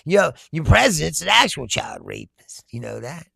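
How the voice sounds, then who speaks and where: A man's voice: a little high, moderate pace, creaky, slightly rough, dry recording, clean studio sound. A man hosting a live stream. He reads viewer comments aloud, talks with lots of energy, laughs often and swears. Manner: animated, laughs often, shouts, profane. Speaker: host.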